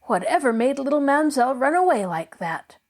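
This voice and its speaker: A woman's voice: high-pitched, very animated, fairly quick, darkish tone, voice pushed up. A woman voicing an impatient male household servant urging a child to hurry. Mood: urgent. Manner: urgent, impatient.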